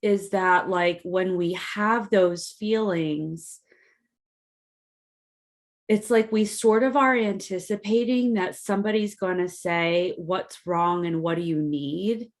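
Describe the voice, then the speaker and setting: A woman co-hosting a reflective podcast talk, her slow, low-pitched voice carrying a gravelly fry. She chooses her words with care, filling pauses with soft fillers, and sounds close to tears. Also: fairly even intonation. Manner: thoughtful, searching for words with many fillers. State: emotional, near tears. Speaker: podcast co-host. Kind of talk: reflective casual conversation.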